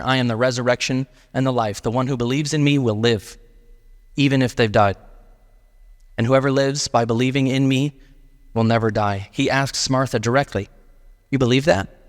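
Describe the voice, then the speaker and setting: A man's voice: medium pitch, steady tone, moderate pace, pauses often, big-room sound. A male pastor preaching a sermon in a casual, emphatic way, often saying "like". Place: church sanctuary.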